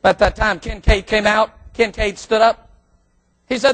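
A middle-aged man, a pastor, telling a story in a sermon, animated and excitable, sometimes breaking into shouts. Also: very high voice, normal speed.

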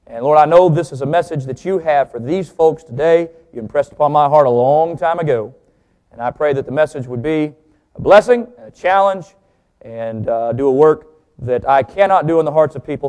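In this humorous sermon, the man keeps the mood lively with jokes aimed at the congregation. Key words get extra stress and a slower delivery, and his pitch rises and falls for emphasis.

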